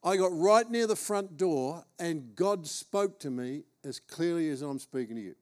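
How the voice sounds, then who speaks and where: A man's voice: on the high side, animated, unhurried, a little mellow. A man with an Australian accent, preaching as he tells a humorous, self-deprecating personal story. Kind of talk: storytelling sermon.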